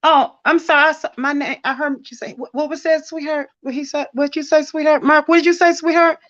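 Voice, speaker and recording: A woman hosting a casual live online chat, giggly and emotional, quick to tear up. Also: sits high, fairly even intonation, fairly bright tone, no room sound, highs cut off. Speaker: host of an online community stream.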